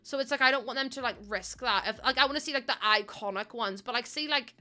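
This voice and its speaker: A young woman streaming a game, chatting casually and rambling to her chat with giggles and sudden excited bursts. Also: fairly high pitch, quick pace. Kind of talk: casual live-stream chat while playing.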